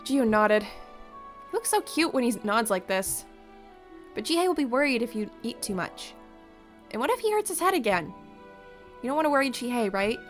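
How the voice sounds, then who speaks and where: In a let's play stream, a woman with a somewhat high voice reads a story game's text aloud in the first person and adds her own comments. She speaks at a normal speed, pausing often, over soft background music, and she's animated, exclaiming and laughing at the story.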